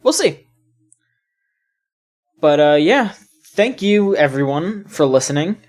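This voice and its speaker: A woman's voice: sits low, lively intonation, takes it slowly, a little mellow. A woman co-hosting a casual video game podcast, rambling with lots of fillers and restarts. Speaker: podcast co-host.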